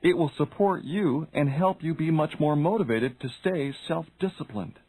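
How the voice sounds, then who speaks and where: A man's voice: on the high side, moderate pace, a little mellow, dry recording, rough recording. Man narrating a self-help audiobook. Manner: direct, addresses the listener with questions.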